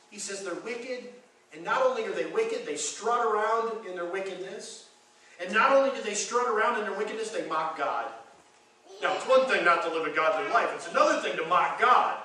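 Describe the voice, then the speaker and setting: A man's voice: high voice, normal speed, bright, forceful tone. A man preaching a sermon to a congregation, emphatic and often repeating words as he goes. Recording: echoey hall recorded from far off.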